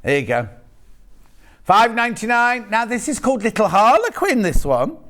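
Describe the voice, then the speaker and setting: A man's voice: extremely high pitch, wildly swooping pitch, normal speed, a bit bright. A man presenting live on a shopping channel, chatting and joking in rambling asides while selling fabric in a TV studio.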